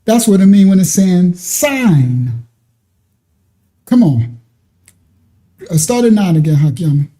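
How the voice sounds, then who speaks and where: A man's voice: high voice, big pitch swings, slow, long pauses, dark tone. A man preaching in a conversational Bible-study sermon, emphatic and often repeating himself or restarting mid-sentence.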